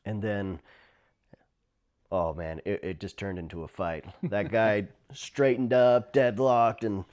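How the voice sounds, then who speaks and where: Animated storytelling man, laughing often. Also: on the low side, slow pace. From Navajo Nation, US Southwest. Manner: animated, laughs often, acts out quoted shouts loudly. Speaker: former tribal police officer. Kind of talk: casual storytelling.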